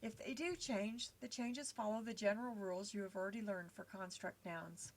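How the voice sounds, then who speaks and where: A woman's voice: medium pitch, fairly even intonation, normal speed. A woman teaching a recorded lesson over slides, explaining patiently step by step with frequent small fillers.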